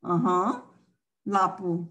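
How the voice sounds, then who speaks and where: A woman's voice: lowish voice, slow pace, fairly bright tone. Patient woman teaching a class. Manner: patient, explaining step by step. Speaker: language teacher. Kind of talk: online language class.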